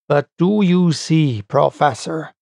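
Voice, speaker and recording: A man's voice: a little high, slow pace, gravelly, darkish tone, no echo, studio quality. A man doing a blustering, angry harpooner. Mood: indignant. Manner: indignant, blustering. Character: angry hot-tempered male harpooner, adult.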